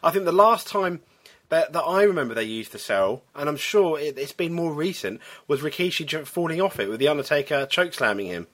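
A man co-hosting a podcast in casual chat. He rambles through long runs with animated bursts, and his voice sits a little high. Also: fairly quick. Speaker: podcast co-host.

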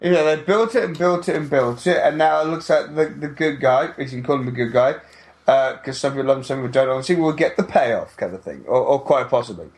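A man's voice: mid-range voice, brisk, darkish tone. A man co-hosting a casual wrestling chat, blunt and mocking, who swears now and then. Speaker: podcast co-host.

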